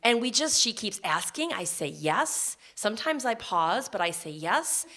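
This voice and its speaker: Woman, live stage storytelling, crisp bright tone, earnest and conversational. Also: mid-range voice, big pitch swings. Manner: conversational, earnest, with quick restarts. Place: live stage before an audience.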